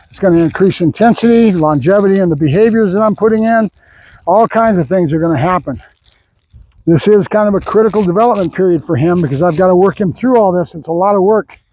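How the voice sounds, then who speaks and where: Talkative high-voiced dog trainer man. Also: warm tone. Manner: talkative, explains while praising the dog. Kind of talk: explaining dog training while working a dog.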